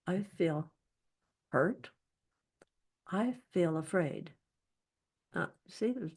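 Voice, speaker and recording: A woman with a somewhat low voice talks through psychological safety with earnest, practical advice. She often restarts her sentences as she goes. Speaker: speaker.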